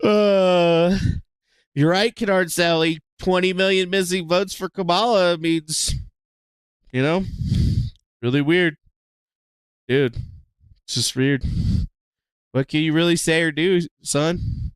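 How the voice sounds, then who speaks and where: A man hosting a livestream, giving casual, profane, excitable commentary and laughing often. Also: high voice, slow, pauses often, smooth, no room sound. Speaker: livestream host.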